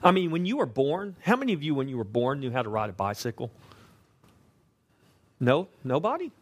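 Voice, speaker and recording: A man preaching a sermon, emphatic, slowing to stress key words and asking the congregation questions. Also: mid-range voice, sing-song. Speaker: pastor.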